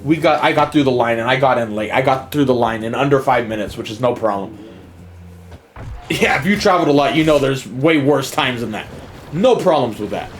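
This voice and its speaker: A man, a gaming streamer, casually telling a story in a profane, animated way and chuckling as he goes. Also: medium pitch, a little fast, soft background music. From United States.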